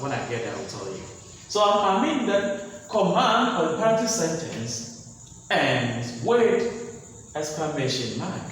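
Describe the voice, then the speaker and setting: A male teacher with a lively, swooping voice gives a grammar lesson, repeating points and quizzing the class with "okay?" and "what?". He sounds fairly high for a man and records from a distance. The room adds heavy echo and a long reverb tail, with faint outdoor ambience behind him. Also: a little hiss or hum. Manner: lively, voice rising sharply on example commands.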